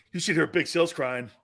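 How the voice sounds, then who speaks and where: A man hosting a sports talk show, brash and loud, laughing a lot, swearing and answering chat comments. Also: on the high side, a little slow, vocal fry, breathy edge. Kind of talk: casual sports radio chat.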